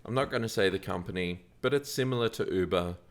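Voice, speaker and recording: A man co-hosting a casual chat podcast, with a lowish voice. He tells stories with energy, jumping up loudly when he acts out what people said. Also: fast talker. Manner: animated storyteller, acts out quotes loudly. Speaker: podcast co-host.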